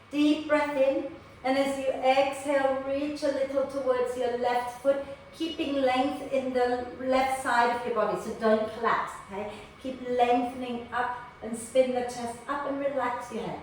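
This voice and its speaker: A woman teaching an online prenatal yoga class, guiding gently and tagging her cues with "okay?". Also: high voice, fairly even intonation, measured pace, heavy reverb, distant mic, slight background noise, rough recording. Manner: gentle, tags nearly every instruction with "okay?". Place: room recorded for an online class.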